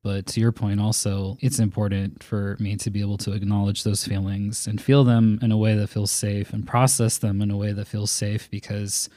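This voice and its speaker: A man's voice: fairly low pitch, level tone, normal speed, hardly any pauses, warm tone, no echo, studio quality. A man hosting a podcast in casual conversation, candid and blunt, who swears freely. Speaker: podcast host.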